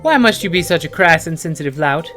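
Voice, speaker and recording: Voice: mid-range voice, animated, fast talker, a bit bright, soft background music, close to an everyday voice. A let's play player voicing a prim, secretive woman guest who is haughty and easily offended. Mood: indignant. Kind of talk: let's play character reading.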